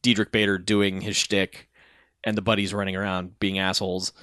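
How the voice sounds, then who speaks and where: A man's voice: deep voice, flat delivery, moderate pace, bright, forceful tone, dry recording, clean studio sound. Laid-back man recapping a movie. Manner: laughing often, acting out bits in silly voices. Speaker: podcast co-host. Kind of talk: casual movie recap chat.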